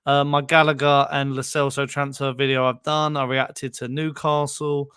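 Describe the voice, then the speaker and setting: Smooth-voiced man, casual podcast guest. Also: mid-range voice, level tone, normal speed, fairly bright tone, no room sound, studio quality. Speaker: podcast guest, fellow channel creator.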